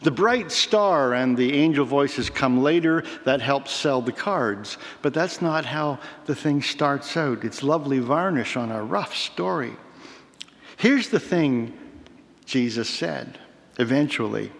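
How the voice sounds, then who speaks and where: A man preaching a sermon in a measured, reflective way, with slow emphatic pauses. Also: medium pitch. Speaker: pastor. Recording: reverberant hall.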